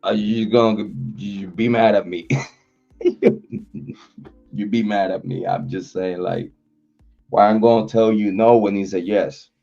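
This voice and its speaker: A man hosting a livestream, chatting loosely with his viewers in a slangy, repetitive style and giving shout-outs. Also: lowish voice, steady tone, unhurried, gravelly, long pauses. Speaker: livestream host. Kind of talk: casual livestream chat. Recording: dull lo-fi audio, faint music.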